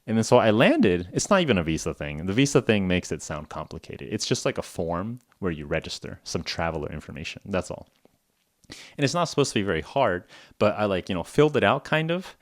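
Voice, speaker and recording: A low-voiced English teacher speaks briskly and very animatedly on his casual podcast for learners, recorded in studio quality with no echo. He chats through explanations, asks "okay?" to check in, and plays out short phone conversations.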